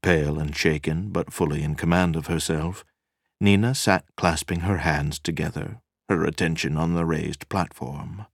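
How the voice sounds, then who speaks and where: A man narrating a science fiction audiobook in a steady, even storytelling manner. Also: extremely low pitch, normal speed, no room sound, clean studio sound. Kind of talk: scripted narration.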